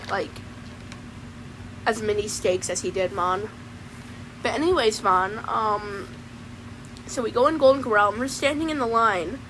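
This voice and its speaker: A woman's voice: medium pitch, background noise, natural voice. A woman voicing a laid-back young man with a mullet, telling a rambling comic story and ending nearly every sentence with "man". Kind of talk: comedic in-character story time.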